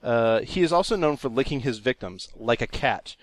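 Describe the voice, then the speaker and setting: A mid-pitched male voice with a lively, animated range. He reads web-page trivia aloud in a dry, deadpan way, then slips into comedy banter with his co-hosts. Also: moderate pace, no echo. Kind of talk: casual comedic reading and chat.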